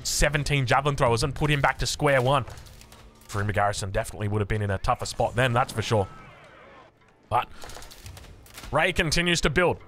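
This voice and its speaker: A man with an Australian accent casting a strategy game match with excitable, quick play-by-play commentary full of restarts. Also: mid-range voice, soft background music. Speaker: esports caster.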